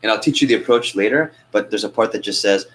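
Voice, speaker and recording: A man coaching a sales training class, energetic and quizzing the group with questions. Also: on the low side, fast talker, poor audio. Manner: energetic, asks the group questions and acts out phone calls.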